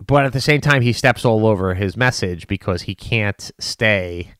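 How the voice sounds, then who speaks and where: A man giving unscripted political commentary, animated and emphatic, with frequent restarts and fillers. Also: on the low side, moderate pace, clean tone, no echo, studio quality.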